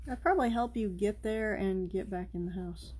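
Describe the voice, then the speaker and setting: A woman's voice: mid-range voice, normal speed, a little mellow, a little hiss or hum. A woman chatting casually on a live stream while she paints at home, rambling and coaxing her cats over.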